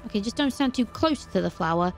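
A woman playing a video game, talking to herself in an animated way and breaking into startled exclamations. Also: medium pitch, fast talker, soft background music. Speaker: let's play host. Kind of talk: gaming commentary.

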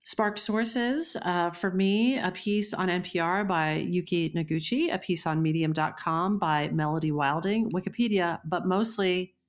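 A woman's voice: fairly low pitch, unhurried, hardly any pauses. A woman co-hosting a podcast in casual chat, playful and going off on tangents, swearing freely. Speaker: podcast co-host.

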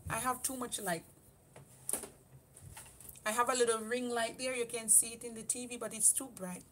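Chatty Jamaican woman, bright high voice. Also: steady tone, normal speed, slight background noise. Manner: chatty, reads viewer comments aloud and answers them. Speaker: makeup vlogger on a livestream. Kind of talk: casual live-stream chat.

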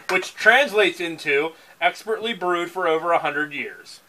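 Casting: high, bright, unhurried male co-host, jokey beer-review banter. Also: recorded from a distance, a little hiss or hum. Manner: jokey, mock-reads French label in exaggerated voice. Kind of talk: casual chat.

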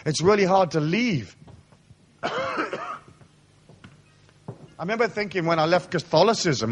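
A man's voice: high-pitched, a little slow, pauses often, breathy edge. A man giving a live motivational talk to an audience, telling stories with lots of swearing and acting out the voices of the people in them. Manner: animated storyteller, swears freely and acts out quoted voices. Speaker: spiritual seminar speaker. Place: seminar hall.

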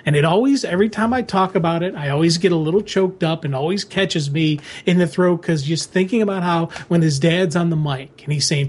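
A man with a high voice co-hosts a casual comics podcast. He retells favorite scenes with open emotion, often laughing as he goes. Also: fairly quick, hardly any pauses, darkish tone. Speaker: podcast co-host.

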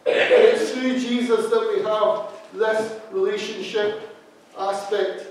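A man preaching with a high voice, set back from the microphone. His words ring through a very echoey church hall, and he repeats key phrases with emphasis. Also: fairly even intonation, slow. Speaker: associate minister. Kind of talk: sermon. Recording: very echoey hall, speaker far from mic.

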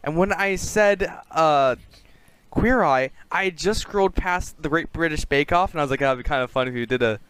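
A man's voice: fairly high pitch, normal speed, fairly bright tone, clean tone, no echo. A man co-hosting a podcast who talks in a thoughtful, laid-back way during a casual brainstorm. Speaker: podcast co-host.

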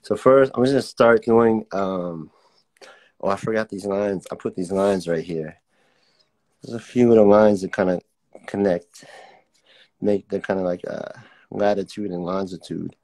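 A man's voice: low-pitched, fairly even intonation, a little slow, pauses often, mellow. Laid-back man teaching a drawing class. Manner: laid-back, chatty, reads out viewer comments. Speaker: art teacher. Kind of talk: casual live-streamed drawing class.

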